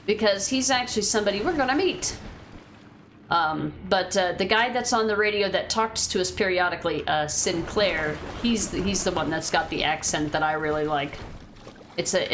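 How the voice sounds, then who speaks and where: A woman's voice: lowish voice, moderate pace, fairly bright tone, slight background noise. A woman streaming a game, chatting casually, swearing freely and answering her chat. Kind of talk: casual gameplay commentary.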